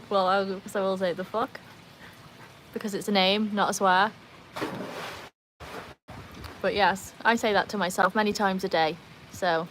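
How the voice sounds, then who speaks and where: A woman chats casually on a livestream in her backyard by the pool, reading viewer comments and joking about herself. Her voice sits at a middle pitch. There is no external mic, only a phone, and a faint outdoor hiss hangs underneath. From North Wales. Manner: chatty, self-deprecating, walks around the yard. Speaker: livestream host.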